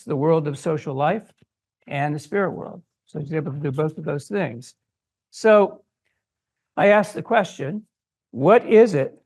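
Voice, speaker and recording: An older man giving an academic lecture to an audience, telling a story and acting out the voices he quotes. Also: on the high side. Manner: animated, acts out quoted voices. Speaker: guest lecturer. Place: lecture hall.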